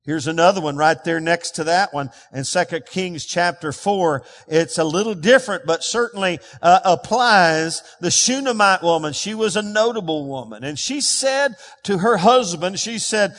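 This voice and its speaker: A man's voice: high voice, animated, normal speed, few pauses, a bit bright. A man preaching a sermon as pastor, emphatic and calling on the congregation to respond. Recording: long reverb of a large hall.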